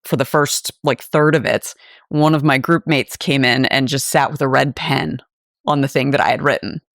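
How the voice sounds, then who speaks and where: Low gravelly woman talking candidly. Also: moderate pace, dry recording, clean studio sound. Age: 40s. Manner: thoughtful, opinionated, frequent "like". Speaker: podcast co-host. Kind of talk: casual discussion.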